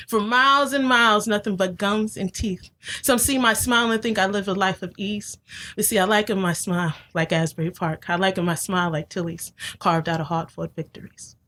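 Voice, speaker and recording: A woman's voice: sits high, pushed and bright. A woman from New Jersey performing an emotional spoken-word poem, with a rhythmic, emphatic delivery that keeps returning to "see". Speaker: guest poet.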